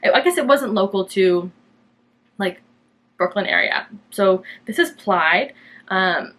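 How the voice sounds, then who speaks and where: A woman's voice: mid-range voice, lively intonation, takes it slowly. Chatty young Canadian woman knitter. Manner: chatty and rambling, many fillers, bright lifts when quoting herself. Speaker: knitting podcast host. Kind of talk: casual chat to camera.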